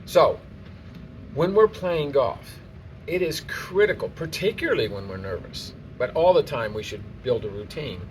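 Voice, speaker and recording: A man's voice: medium pitch, lively intonation, normal speed. A man teaching golf outdoors on the course, explaining in a casual, plainspoken, conversational way. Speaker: golf instructor. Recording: distant mic, faint outdoor noise.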